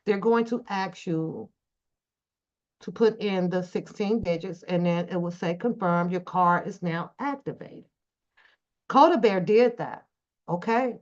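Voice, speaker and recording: A middle-aged woman vlogging, telling a story casually to her viewers, animated and swearing freely. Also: fairly low pitch. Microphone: phone camera. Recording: dull lo-fi recording.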